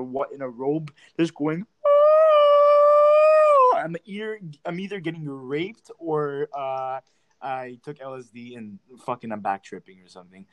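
A young man hosting his own show, telling rambling, profane stories in a casual chat. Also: medium pitch. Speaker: podcast host.

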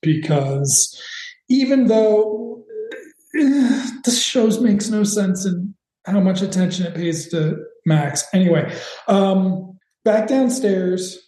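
A man's voice: sits high, mellow, reverberant, low-quality recording. A man co-hosting a podcast, recapping a TV episode in rambling casual chat with sarcastic asides. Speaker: podcast co-host.

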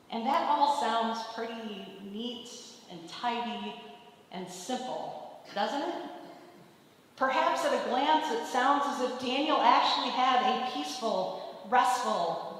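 A woman giving a sermon, retelling a scripture story and acting out the quoted lines with a lifted voice. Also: on the high side. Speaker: preacher. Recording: distant mic in a long-reverb hall.

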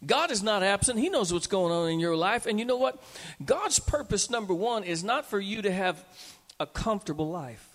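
A man preaching a sermon to his church, rising to loud emphatic peaks. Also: sits high, animated, moderate pace. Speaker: pastor. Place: church sanctuary. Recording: long reverb of a church hall.

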